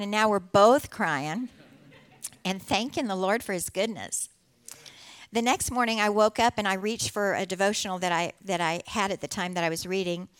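A middle-aged woman speaks to a church congregation, telling her own story in an earnest, heartfelt way. Her voice sits at an ordinary pitch for a woman, and light laughter slips into her telling. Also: clean tone. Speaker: church speaker sharing testimony. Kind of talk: personal testimony to a congregation.

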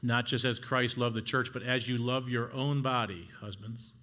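A man's voice: mid-range voice, fairly even intonation, moderate pace, bright, forceful tone. A middle-aged man preaching an earnest sermon to husbands, urging them on with rising exhortations. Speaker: pastor.

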